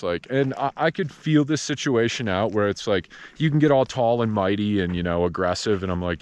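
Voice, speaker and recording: A man from Wisconsin vlogging outdoors in the desert, out of breath and telling a story in a rambling, low-key way. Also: animated, moderate pace, slight background noise. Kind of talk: casual vlog narration.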